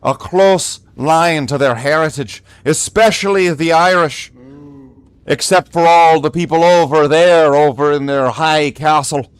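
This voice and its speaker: A man's voice: a little high, unhurried, smooth, no echo. Joking, rambling Canadian man streaming. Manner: rambling, joking, restarts often. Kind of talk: livestream chat while gaming.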